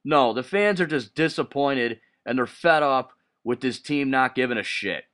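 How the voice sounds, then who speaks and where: Guy going off on a sports rant, swearing a lot, clean smooth voice. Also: mid-range voice, normal speed. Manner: heated, profane ranting with sharp outbursts. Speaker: sports vlogger. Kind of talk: solo sports rant to camera.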